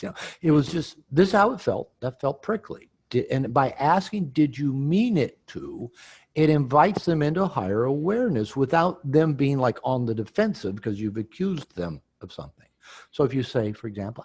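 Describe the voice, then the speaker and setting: A man's voice: mid-range voice, sing-song, a little fast, darkish tone, breathy edge. A man, an author and guest on an interview podcast, teaching and explaining while acting out example dialogue.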